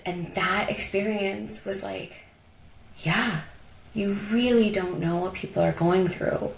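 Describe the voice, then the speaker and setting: A woman's voice: medium pitch, fairly even intonation, slow pace, gravelly. A woman from Colorado, a podcast guest, telling personal stories in a reflective, heartfelt way with lots of casual fillers. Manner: reflective, heartfelt, many "like" and "you know" fillers. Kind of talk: casual conversational storytelling. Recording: echoey room.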